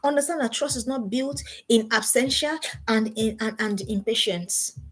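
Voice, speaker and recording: A woman's voice: a little high, normal speed, breathy edge. A middle-aged woman, a parenting coach, gives an emphatic seminar talk and repeats her key points as commands.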